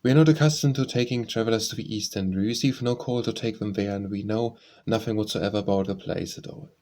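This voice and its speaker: A man's voice: on the low side, quick pace, warm tone, lightly acted. A man voicing a stiff, apologetic male travel-office clerk who speaks politely and evasively. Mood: fussy.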